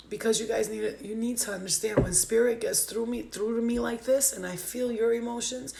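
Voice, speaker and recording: Woman, spiritual livestream reader, gravelly, heartfelt, swears casually, roomy echo. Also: a little high, fairly even intonation, moderate pace, hardly any pauses, darkish tone, slight background noise. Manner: heartfelt, swearing, talks straight to viewers. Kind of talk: emotional livestream talk.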